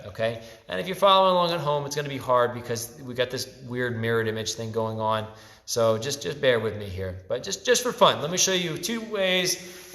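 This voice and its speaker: A man's voice: medium pitch, fairly bright tone. A male taekwondo instructor teaching a class in a casual, chatty way, often checking in with "okay?", recorded on a phone that someone else is holding. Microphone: phone camera held by a helper. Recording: echoey hall, long reverb.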